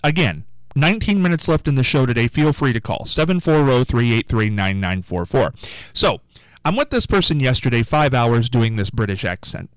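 Chatty, animated radio host, a man. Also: mid-range voice, moderate pace, no room sound, low-quality recording. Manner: chatty, rambling, repeats himself. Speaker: radio talk show host. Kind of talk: casual call-in radio talk.

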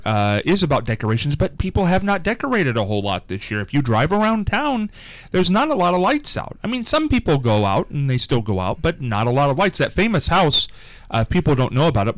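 A male radio host with a very animated, swooping delivery, chatting and rambling in a relaxed, friendly way. His voice sounds close and dry, with hardly any room around it. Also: fairly high pitch, brisk, no room sound. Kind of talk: casual radio chat. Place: radio studio.

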